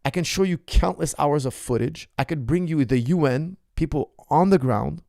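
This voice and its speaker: A man's voice: on the high side, normal speed, vocal fry, mellow, dry recording, studio quality. A man hosting his own ask-me-anything show, arguing his point with passion and firing rhetorical questions at his viewers. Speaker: martial arts coach and show host. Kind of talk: ask-me-anything livestream monologue.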